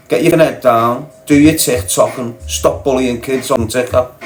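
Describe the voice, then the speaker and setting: A man's voice: medium pitch, fairly even intonation, measured pace, soft background music, poor audio. A man with a Scouse accent delivering a confrontational, mocking rant as a podcast guest. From Liverpool, England. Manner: confrontational, mocking, blunt and sweary. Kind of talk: ranting monologue.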